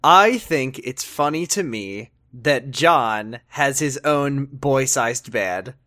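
A man's voice: medium pitch, animated, slow, sharp tone. Wry joking man bantering on a podcast. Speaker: podcast co-host. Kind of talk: casual recap chat.

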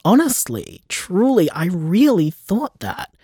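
A man's voice: high-pitched, wildly swooping pitch, slow, warm tone, slightly rough, dry recording, clean studio sound, heavily acted. A man acting a young man who has been hurt by his parents. He sounds shaky and unsure of himself, and he trails off into whispers. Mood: hurt, upset. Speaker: estranged son confiding in his partner. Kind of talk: audio drama acting.

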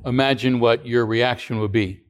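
A man's voice: medium pitch, steady tone, normal speed. A man giving a radio sermon as pastor, talking in a conversational way with rhetorical questions and frequent restarts.

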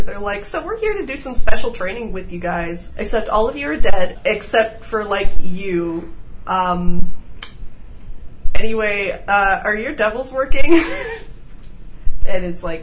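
A woman's voice: mid-range voice, lively intonation, a little slow, fairly bright tone, slight background noise, rough recording. A woman co-hosting a podcast in casual chat, laughing often and acting out characters as she recaps. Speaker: podcast co-host.

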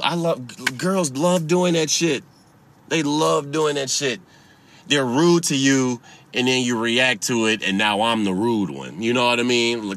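A young man casually telling a story, profane and laughing, getting heated and loud as he goes. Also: medium pitch.

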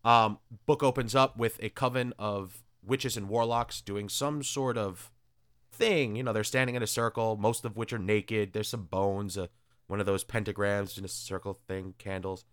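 A man's voice: lowish voice, fairly even intonation, normal speed, fairly bright tone, smooth, dry recording. Man, host, casual chat, sarcastic, crude asides, dry close sound. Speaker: podcast host reviewing comics.

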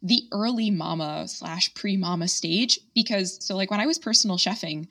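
A woman's voice: medium pitch, normal speed, fairly bright tone, no echo, distant mic. A woman hosting a podcast, chatting with enthusiasm and saying "like" often. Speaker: podcast host. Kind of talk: casual podcast chat.

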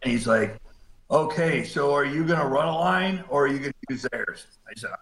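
A man's voice: fairly high pitch, moderate pace, fairly bright tone, reverberant, rough recording. A middle-aged man, a cave rescue diver, telling a story in a laid-back way and acting out the quotes. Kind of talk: storytelling in a casual interview.

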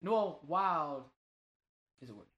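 A man co-hosting a casual gaming podcast, talking in an animated, slangy way and swearing freely. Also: a little high, slow, reverberant, highs cut off. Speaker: podcast co-host.

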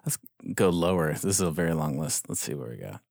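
A man's voice: sits low, big pitch swings, fast talker, vocal fry, darkish tone, no echo, clean studio sound. A man chatting casually and playfully, reading from a list and throwing in jokes. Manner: playful, throws in movie-line impressions. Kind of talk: casual chat.

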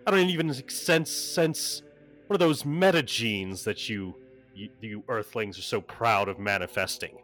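A man's voice: lowish voice, fairly bright tone, faint music behind. Man doing a wrathful imperious archangel. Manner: slow, contemptuous, commanding.

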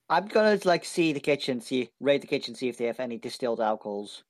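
A man's voice: mid-range voice, expressive, fast, hardly any pauses. A man in casual tabletop game chat, using a slightly posh voice, eager and full of rules questions. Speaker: player.

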